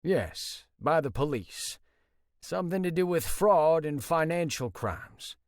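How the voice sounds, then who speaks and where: A man voicing a concerned father who calmly explains bad news. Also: on the high side, takes it slowly, no room sound, studio quality, pitched above the performer's own voice. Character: concerned older rancher father.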